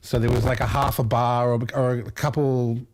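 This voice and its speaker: A man chats casually as the host of a livestream. He talks in a relaxed way and often backs up and restarts his sentences as he works out what he means. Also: medium pitch, moderate pace. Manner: relaxed, thinking aloud with restarts.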